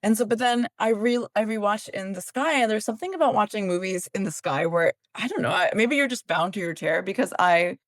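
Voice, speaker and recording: A woman's voice: medium pitch, animated, brisk, few pauses, no echo. A woman in her thirties, a comedian guest, talking through her thoughts about films and searching for words. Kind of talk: casual film chat.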